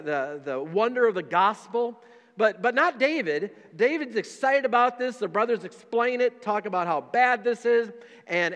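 A man's voice: sits high, a bit bright. Folksy preaching man in a reverberant church. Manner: folksy, conversational preaching with many repeated words. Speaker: pastor. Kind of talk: sermon. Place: church sanctuary.

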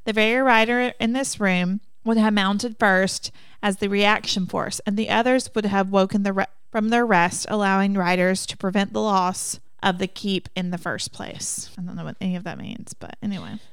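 A woman's voice: medium pitch, normal speed, clear, resonant tone, dry recording. A woman co-hosting a casual book discussion podcast, summarizing chapters, reading passages aloud and adding chatty asides. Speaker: podcast co-host.

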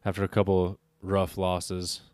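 A tired man hosts a casual solo MMA fight recap, rambling along and correcting himself, often stopping to recheck fight records. His low voice is completely flat, measured, darkish and smooth. The studio-quality recording has no room sound.

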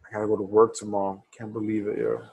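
A man's voice: on the low side, monotone, quick pace, darkish tone, breathy edge, rough recording. A man giving laid-back banter and short reactions in casual podcast chat.

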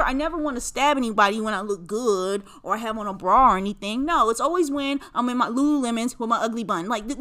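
A young woman tells a rambling, profane story on her podcast, swinging from loud outbursts to muttered asides. Her voice sits a little high and comes across bright and forceful. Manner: profane, animated, rambling rant. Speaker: podcast host. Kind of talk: casual storytelling monologue.

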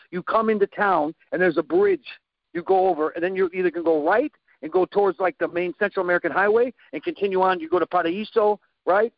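Male storyteller, high animated voice with gravel, acts out sound effects; dry, slightly muffled recording. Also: no room sound. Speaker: guest telling a story. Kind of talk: casual storytelling.

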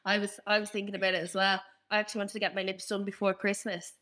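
A young woman co-hosting a podcast, chatting casually with self-mocking quick asides. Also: mid-range voice, level tone, bright, forceful tone. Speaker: podcast co-host. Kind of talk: casual chat.

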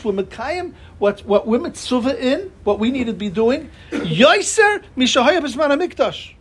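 A man's voice: very high voice, husky. A man giving a Torah class, talking animatedly and asking his listeners rhetorical questions. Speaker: Torah teacher.

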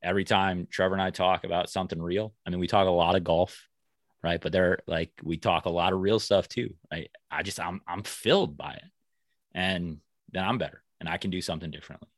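A man's voice: low voice, fairly even intonation, a little fast, no echo, studio quality. A man co-hosting a podcast, chatting casually and a bit self-consciously, with some stammering. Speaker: podcast co-host.

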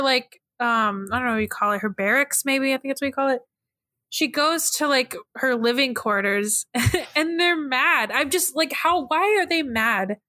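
Woman podcast co-host, bright forceful tone, higher voice, animated casual chat, laughs a lot, swears freely. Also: dry recording, clean studio sound. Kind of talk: casual movie discussion.

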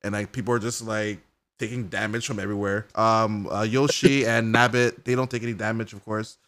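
A bright-voiced podcast co-host, his pitch on the low side and his pace a little quick, chats casually and excitedly. He rambles with constant "like" fillers and acts out characters' reactions as he tells the story.

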